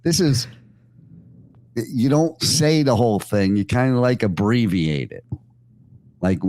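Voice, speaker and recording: A man's voice: medium pitch, lively intonation, slow, long pauses, darkish tone, no echo. A man hosting a radio show, telling loose, joking stories with many fillers and asides. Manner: rambling, jokey, full of fillers and asides. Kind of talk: casual on-air storytelling. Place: radio studio.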